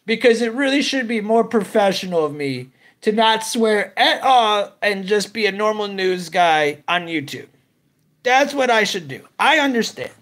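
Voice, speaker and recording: A man's voice: high-pitched, expressive, moderate pace, a bit bright. A middle-aged man hosting a live news stream, ranting in profane slang and greeting chat viewers.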